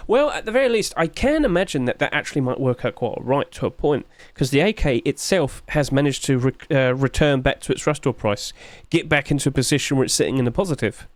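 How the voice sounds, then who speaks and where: A man's voice: expressive, quick pace, hardly any pauses, dry recording. Chatty sleepy man reviewing game skins. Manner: chatty, rambling, with sudden high-pitched exclamations. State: sleepy, yawning. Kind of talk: casual screen commentary.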